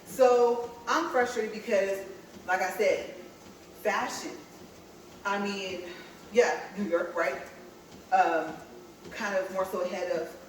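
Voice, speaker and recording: A chatty woman from California tells a story to her viewers while walking on a treadmill, laughing often. Her voice rings around a very echoey room. The mic sits some distance away, with a faint hum of background noise. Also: mid-range voice. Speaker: vlogger.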